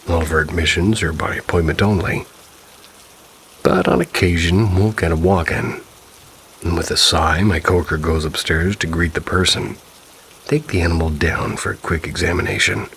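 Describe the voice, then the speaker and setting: A man with an extremely deep voice and a gravelly edge narrates in a calm, measured way. Faint hiss sits under the recording. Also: low-quality recording. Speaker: narrator of submitted ghost stories. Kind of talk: scripted narration.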